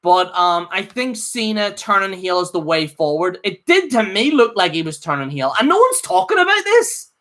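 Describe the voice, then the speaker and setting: A man's voice: high-pitched, sing-song, normal speed, bright, forceful tone. A man giving a casual, opinionated live review, rambling with lots of fillers and restarts. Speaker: wrestling show reviewer.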